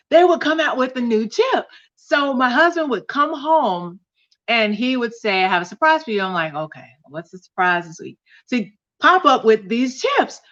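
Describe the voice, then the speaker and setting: A woman's voice: fairly high pitch, a bit bright. Chatty confiding woman, lo-fi stream. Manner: chatty, confiding, reads out viewer comments. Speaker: host. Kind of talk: casual livestream chat.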